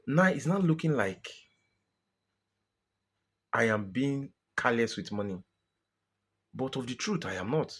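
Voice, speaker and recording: A man's voice: lowish voice, breathy edge. A Nigerian man venting in a frustrated personal monologue to his viewers, exasperated and pleading, often repeating himself. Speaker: vlogger.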